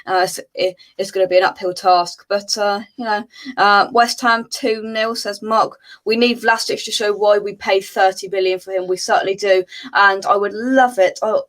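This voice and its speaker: A woman's voice: mid-range voice, steady tone, moderate pace, a bit bright, rough recording. Chatty woman hosting a live fan show. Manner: chatty, reads out viewer comments with filler words. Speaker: host of a football fan show.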